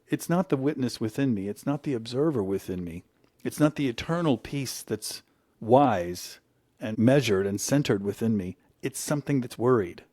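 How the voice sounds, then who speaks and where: A man's voice: mid-range voice, expressive, normal speed, dark tone, no room sound, clean studio sound. A middle-aged man from the United States, telling stories in an earnest, reflective conversation. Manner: earnest, storytelling, voice lifts when quoting. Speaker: guest.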